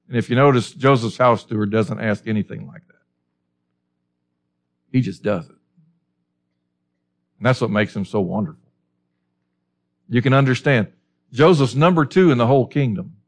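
A man's voice: mid-range voice, moderate pace, long pauses. A man preaching an expository sermon in a conversational way, often asking rhetorical questions.

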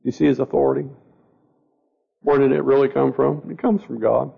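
A man's voice: medium pitch, little pitch movement, moderate pace, vocal fry, slightly rough, in a large hall. A man teaching a Bible study to a group, asking them questions as he goes and stumbling over words. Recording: dull lo-fi recording.

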